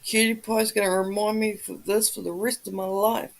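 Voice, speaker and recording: A woman's voice: mid-range voice, steady tone, moderate pace, creaky, hardly any pauses, poor audio. A woman hosting a casual livestream, chatting with viewers and reading the chat, swearing freely as she talks. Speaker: livestream host.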